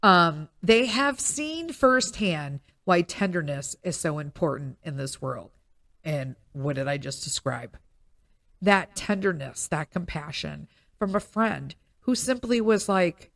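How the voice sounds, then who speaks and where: A woman in her thirties speaks in a low, gravelly voice, recorded close and dry with no room sound. She talks candidly and emotionally with plenty of fillers, her voice thick with tears. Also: lively intonation, takes it slowly, a bit bright, dry recording. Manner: emotional, tearful storytelling with frequent fillers. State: crying. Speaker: podcast host. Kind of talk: personal reflective monologue.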